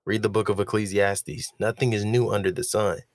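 A man's voice: fairly low pitch, little pitch movement, a little fast, no room sound, studio quality. A young man, a spoken-word poet, breaking down his own poem and telling a personal story, acting out the voices he quotes. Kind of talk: reflective commentary with personal storytelling.

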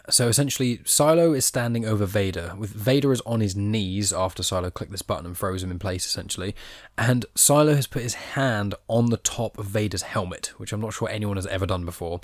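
A man's voice: fairly low pitch, dry recording, clean studio sound. A man hosting a podcast, casually retelling a comic's plot and reading its dialogue without doing voices. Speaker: podcast host.

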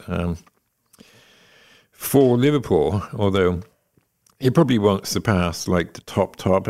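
A man's voice: on the low side, vocal fry, darkish tone. A man co-hosting a podcast, chatting casually with rambling asides and lots of fillers. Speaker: podcast co-host. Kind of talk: casual chat.

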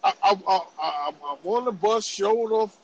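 A man around forty, telling a story in animated, profane, laughing casual podcast chat. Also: sits high, moderate pace, dull audio, noisy background. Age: about 40. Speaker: podcast host.

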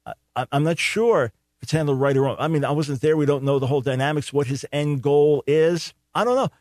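A man's voice: a little high, fairly quick, a little mellow, dry recording, studio quality. A man hosting a call-in talk radio show, giving opinionated commentary with emphatic rhetorical questions and repeated phrases for stress.

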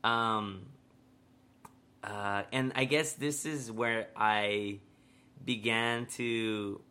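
A man's voice: on the low side, fairly even intonation, very slow, bright, forceful tone. A young man co-hosting a podcast, telling a story in a loose, rambling way, laughing often and swearing casually. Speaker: podcast co-host.

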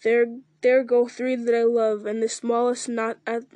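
A woman voicing a noble, weary male ranger-king in a solemn, measured reading with small slips. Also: fairly high pitch, flat delivery, dark tone, no echo, lightly acted.

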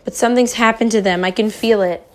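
Audiobook woman voicing an anxious mother, urgent and firm, a touch higher. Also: quick pace, natural voice. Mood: worried. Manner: urgent, worried. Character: anxious determined mother of a farm family.

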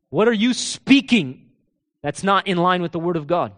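A man with a notably high voice preaches a sermon in an animated way. He fires off rhetorical questions and drops into casual asides with his listeners. He swings from loud, ringing proclamations to low, quiet emphasis. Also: normal speed. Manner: laughs and talks casually to the congregation.

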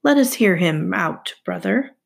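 Calm, unreadable sea god father, husky and even, read by a woman narrator. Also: mid-range voice, full character voice. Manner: calm, measured.

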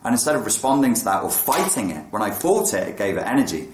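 A man's voice: on the low side, sing-song, quick pace, echoey room, a little hiss or hum. A man talking casually and frankly about meditation, with some swearing. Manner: frank, swears, acts out thoughts in quotes. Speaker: meditation and mental health talker. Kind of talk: casual spoken talk on meditation.

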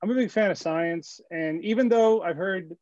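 Casual podcast co-host, man, rambling storyteller, cusses a lot, slightly high voice, dull dry sound. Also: normal speed, a little mellow, dry recording. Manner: rambling, swears freely, acts out quotes.

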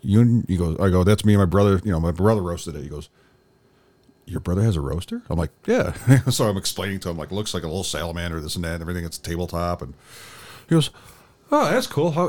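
A man's voice: fast talker, darkish tone, no echo. A man co-hosting a casual chat, rambling through stories and acting out other people's lines in a raised voice. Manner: rambling storyteller, acts out quotes in a high voice. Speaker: podcast co-host.

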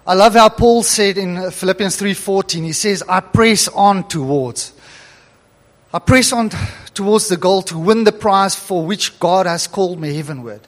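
A middle-aged man with a high voice delivers a sermon, animated and given to chuckling between scripture readings. The sound carries a long reverb from a church hall. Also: normal speed. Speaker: preacher.

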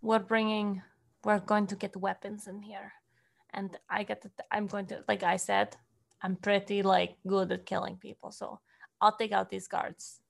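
Creaky-voiced woman playing a tabletop game. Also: mid-range voice, little pitch movement, a little slow. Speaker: player. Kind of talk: casual tabletop play.

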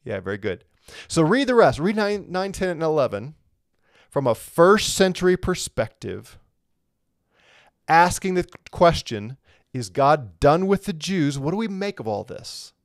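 A man's voice: fairly high pitch, sing-song, a little slow, dry recording, clean studio sound. A man teaching a live Bible lesson, talking through scripture conversationally and reading viewer comments aloud.

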